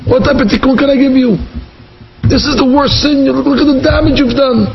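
A man's voice: steady tone, brisk, vocal fry, lo-fi sound. A man voicing an anguished old male rabbi in a told story, lamenting in a raised, pleading voice. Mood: rebuking. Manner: lamenting, pleading, rising in pitch.

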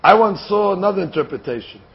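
An older man giving a Torah lecture, speaking in a deliberate, explanatory way and posing rhetorical questions before answering them. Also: sits high, lively intonation, breathy edge. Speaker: Torah teacher. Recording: dull lo-fi recording.

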